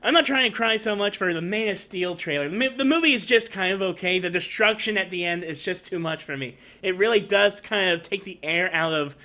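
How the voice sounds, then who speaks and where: High, bright-voiced man rambling about movies. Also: a little fast, few pauses. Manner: rambling, emotional, tearing up at times. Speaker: YouTube movie reviewer. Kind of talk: casual trailer review vlog.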